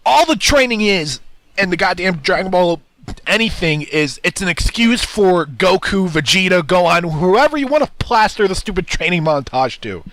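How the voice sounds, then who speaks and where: A man's voice: high voice, very animated, normal speed, fairly bright tone, no echo. A young man chatting casually on a podcast, ranting and restarting his sentences as he goes. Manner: ranting, repeats words and restarts a lot. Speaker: podcast co-host.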